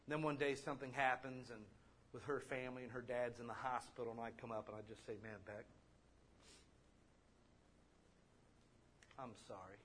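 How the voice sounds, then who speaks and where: A male pastor preaching a sermon in a conversational, animated way, asking the congregation rhetorical questions. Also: mid-range voice, fast talker, slight background noise.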